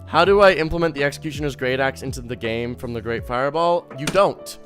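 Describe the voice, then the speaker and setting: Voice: medium pitch, fast, faint music behind. Joking, foul-mouthed show host. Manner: swearing, joking, animated. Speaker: host of a tabletop game show. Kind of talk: casual chat and Q&A.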